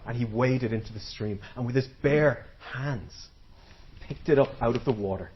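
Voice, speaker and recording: A man's voice: medium pitch, normal speed, lo-fi sound. A man telling a folktale live to an audience, dramatic and playful, drawing the crowd in. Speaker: storyteller. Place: live storytelling event before an audience.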